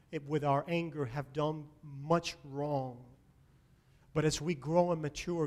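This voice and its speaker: Male pastor, high voice, preaching emphatically in church with swings from loud to quiet. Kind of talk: sermon. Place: church sanctuary.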